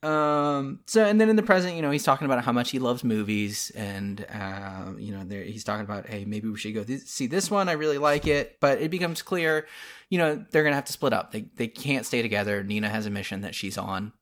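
A man's voice: mid-range voice, fairly quick, fairly bright tone. A man co-hosting a casual podcast, earnestly retelling comic scenes with many restarts and fillers. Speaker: podcast co-host.

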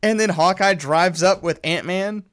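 Young man, podcast co-host, casual chat, excited, slightly high voice, acts out movie lines. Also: measured pace, smooth.

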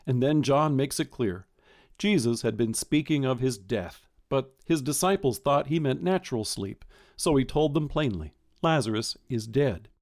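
A man giving a gentle, reflective devotional sermon as a pastor and closing in prayer. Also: mid-range voice.

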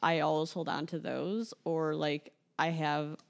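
A woman's voice: low-pitched, unhurried, vocal fry. A young adult woman hosting a casual podcast chat, talking chattily with lots of "like". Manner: chatty, filler-heavy with frequent "like". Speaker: podcast host.

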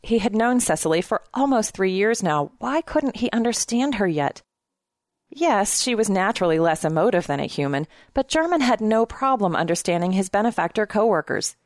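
Female narrator, mid pitch, measured, dry booth sound. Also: expressive, no echo. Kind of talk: audiobook narration.

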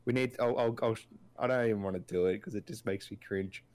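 A man co-hosts a casual podcast, speaking fast in a fairly low, darkish voice with no room sound. He rambles through his points with lots of filler words and restarts.

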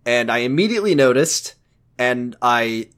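A young man co-hosting a podcast, swearing freely and telling work stories in lively casual chat. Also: medium pitch, moderate pace, smooth. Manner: animated, swearing storyteller. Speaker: podcast co-host.

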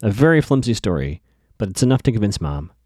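A man's voice: fairly low pitch, sing-song, fast talker, darkish tone, no room sound, clean studio sound. A man casually recapping a TV episode in a chatty, offhand way with frequent fillers.

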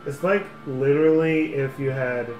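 A man running a tabletop game as game master, describing scenes in quick bursts. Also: medium pitch, darkish tone. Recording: echoey room with background music.

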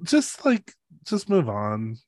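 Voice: mid-range voice, huge pitch swings, slow pace, a little mellow. A podcast co-host reacting to a story with dry quips and laughter in casual chat.

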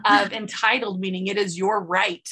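A woman's voice: mid-range voice, steady tone, moderate pace, a crowd in the background. A woman hosting a podcast, chatting supportively and asking her guest questions. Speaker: podcast host. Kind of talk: conversational interview.

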